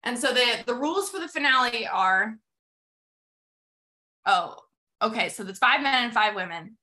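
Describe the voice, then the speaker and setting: A young adult woman hosts a motivational podcast and sounds bright and forceful. Her voice sits a little high. She tells a story with animated energy and acts out quotes before turning to lessons for her listeners. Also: measured pace. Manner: animated retelling with acted-out quotes. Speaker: podcast host and sales coach.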